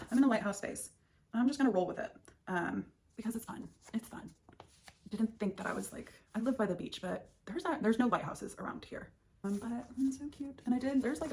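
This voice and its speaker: A young woman talks her viewers through a stitching haul in a loose, chatty way, stopping often to think aloud. Her pitch is middling, and a faint noise sits under the recording. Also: a little mellow. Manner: chatty, rambling, thinks aloud with many ums. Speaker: flosstube host. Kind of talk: casual chat showing stitching haul.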